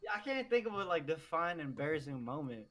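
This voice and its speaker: A man's voice: a little high, very animated, brisk, a bit bright. A man co-hosting a podcast in casual banter, telling stories in a blunt, profane way. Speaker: podcast co-host.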